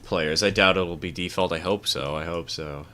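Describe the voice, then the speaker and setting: A man's voice: deep voice, moderate pace, sharp tone. A man streaming a train game, chatting casually and giving rambling, opinionated replies to chat. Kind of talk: casual gameplay commentary, reading chat.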